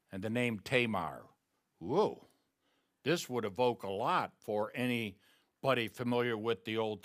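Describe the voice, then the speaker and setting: Guy preaching a sermon, acts out the quotes, voice jumps all over, bright and close, dry sound. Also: medium pitch, no echo. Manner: animated storytelling with acted-out quotes; swings from quiet asides to loud emphatic peaks. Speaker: pastor.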